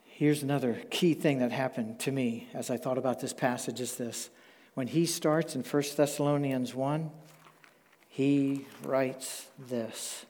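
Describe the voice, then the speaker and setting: A pastor delivers his sermon in a warm, mellow voice, measured and emphatic, stretching out the words he wants to land. He speaks from the front of a church sanctuary, and long reverb from the hall trails behind each phrase. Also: mid-range voice, fairly even intonation. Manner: measured, emphatic, slows down to stress key words.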